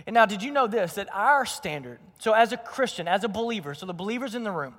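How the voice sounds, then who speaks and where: Male pastor, young adult, sermon, lively storytelling, high voice, long hall reverb. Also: fast talker. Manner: energetic storytelling with acted quotes.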